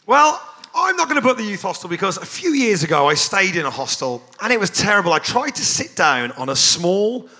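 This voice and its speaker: A man's voice: high voice, big pitch swings, fairly quick, sharp tone. A man on a live comedy podcast telling silly jokey stories on a festival stage.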